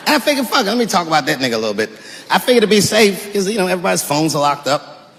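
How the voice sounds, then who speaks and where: A man doing a stand-up comedy set, animated and shouting his punchlines while acting out characters. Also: high-pitched, racing, long reverb tail, a little hiss or hum.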